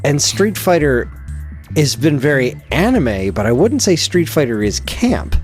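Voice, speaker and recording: A man's voice: on the high side, big pitch swings, a little slow, soft background music. A man co-hosting a podcast in casual chat, arguing his view while musing and sounding unsure. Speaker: podcast co-host.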